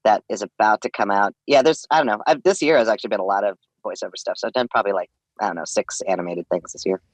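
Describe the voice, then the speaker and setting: A man's voice: fairly low pitch, quick pace, no room sound. A man, a comedian and voice actor, talking as a guest in a casual podcast interview, rambling with laughs and restarts.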